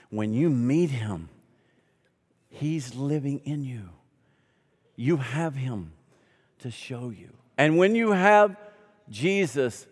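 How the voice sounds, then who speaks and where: Southern man, pastor, emphatic sermon, mid-range voice, big reverberant sanctuary. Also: medium pitch. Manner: swings from hushed to loud, emphatic preaching. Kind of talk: Easter sermon.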